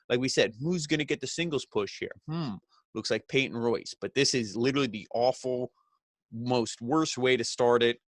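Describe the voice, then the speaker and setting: Male reviewer, mid pitch, sardonic and crude, dry close sound. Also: fairly bright tone, no echo. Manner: sarcastic, profane, mocking impressions of wrestlers. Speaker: wrestling show reviewer. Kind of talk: casual recap commentary.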